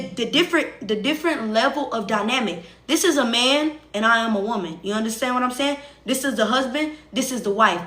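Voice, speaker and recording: Young woman livestreamer, high bright voice, chatty and emphatic, echoey room sound. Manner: conversational, emphatic, repeats phrases, asks listeners for agreement. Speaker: livestream host. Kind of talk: casual storytelling to viewers.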